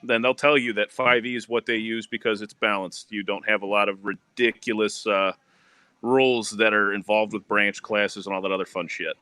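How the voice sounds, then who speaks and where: A man's voice: fairly low pitch, flat delivery, normal speed, bright, forceful tone, smooth, dry recording. A man co-hosting a casual stream chat, loose and laughing, swearing casually. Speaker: co-host.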